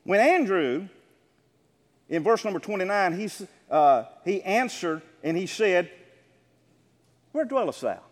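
A man preaching a sermon as pastor of his church, emphatic and building to near shouts. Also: high-pitched, expressive, a little slow. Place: church sanctuary. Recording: long church reverb.

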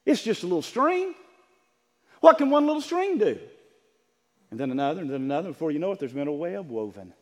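A man preaching a sermon, moving from quiet talk to shouted passages and acting out what people say. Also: sing-song, brisk, pauses often, long reverb tail. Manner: builds from low talk to shouted preaching, acts out quotes.

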